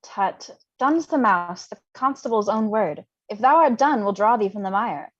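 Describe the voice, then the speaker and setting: A witty, mocking young man, read by a young woman rattles off Shakespeare verse with brisk, playful flair. Her voice sits at an ordinary middle pitch for a woman. The livestream audio is dull and lo-fi. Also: lively intonation, natural voice. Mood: teasing. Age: young adult. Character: witty, mocking young male friend Mercutio. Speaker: volunteer reader. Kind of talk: unrehearsed livestream Shakespeare reading.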